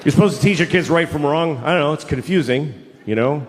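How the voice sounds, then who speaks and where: A man performing a stand-up routine, moving from calm talk about parenting into indignant, loud rants. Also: a little high, quick pace, slight background noise. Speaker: stand-up comedian. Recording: echoey live club sound. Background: audience laughter.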